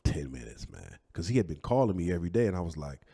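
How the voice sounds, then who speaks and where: A man telling an animated, slangy personal story as a guest on a podcast interview. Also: deep voice, quick pace, creaky, slightly rough.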